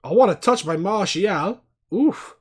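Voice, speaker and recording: A man hosting a football watchalong livestream, giving casual live commentary, chatting to viewers and bursting into loud, sweary outbursts. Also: sits high, a little slow, breathy edge. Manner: excitable, swears a lot, erupts in loud outbursts at fouls; chats to viewers by name, reads chat aloud.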